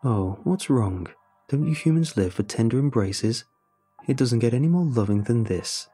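A smug, cruel male witch in his fifties gloats over his captives in a mocking, theatrical way, voiced by a man telling the tale. His voice is dark and husky, a touch higher and livelier than plain narration. Faint music hums underneath. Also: lively intonation, normal speed.

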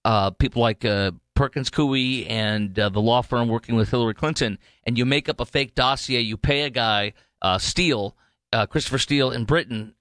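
A man's voice: mid-range voice, a bit bright, clean tone, no room sound. A man hosting a political talk radio show, rambling animatedly with many fillers and restarts.

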